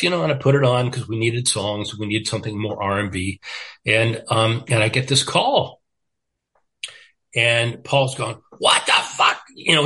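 A man's voice: medium pitch, bright, forceful tone. An older man, a radio programmer, telling stories in casual chat with plenty of fillers and restarts. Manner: rambling, many fillers and restarts, laughs while telling stories. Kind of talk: casual storytelling conversation.

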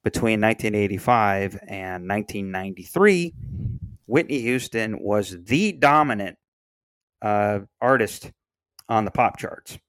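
Wry, low-voiced male podcast co-host. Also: animated, a little slow, fairly bright tone, clear, resonant tone, no echo. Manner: wry, sardonic, profane asides. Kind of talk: casual chat about music history.

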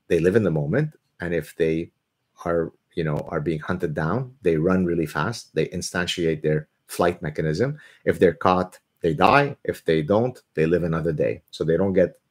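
A man hosting a live question-and-answer stream, talking in an animated, opinionated way with joking asides. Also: sits low, breathy edge. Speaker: host answering viewer questions.

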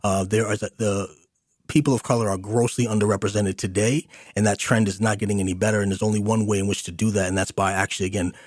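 Low-voiced male radio host. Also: little pitch movement, fast, dry recording, studio quality. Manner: earnest, filler-heavy with many restarts. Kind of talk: community radio interview.

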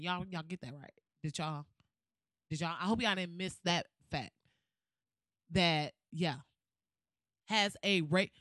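A woman's voice: mid-range voice, dry recording, studio quality. A woman ranting in a comedic, profane way, laughing often and acting out what people would say. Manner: animated, profane, laughs often, acts out quotes. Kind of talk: casual comedic rant.

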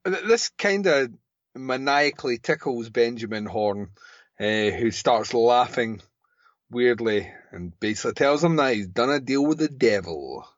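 A man co-hosting a podcast, trading quick, teasing banter in casual chat. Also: medium pitch, lively intonation, no echo, highs cut off. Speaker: podcast co-host.

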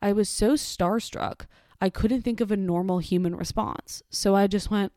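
A woman hosts a casual solo podcast, chatting along in an amused, filler-filled way. Her voice is warm and mellow. The sound is dry and close, with no room around it. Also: mid-range voice, steady tone, moderate pace, dry recording. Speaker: podcast host.

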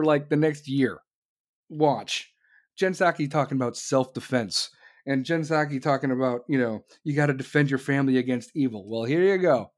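An American man rants angrily about politics, swearing at nearly every turn. His voice sits on the high side, and he keeps breaking into sarcastic, mocking asides. The delivery is loud, blunt and combative throughout. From United States. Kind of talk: profane political rant.

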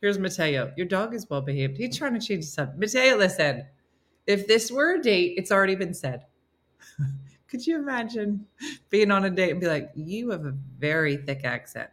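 A woman with a New Jersey accent hosts a casual live-stream morning show, reading viewer comments aloud, joking and laughing often. Her voice is medium-pitched and her pace moderate, and she comes across as animated.

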